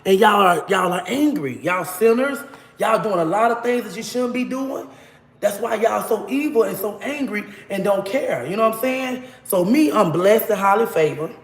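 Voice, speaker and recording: A woman's voice: medium pitch, expressive, normal speed. Preachy woman vlogging from an echoey kitchen. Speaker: livestream vlogger. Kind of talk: casual preachy livestream chat while cooking. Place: home kitchen. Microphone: phone propped nearby.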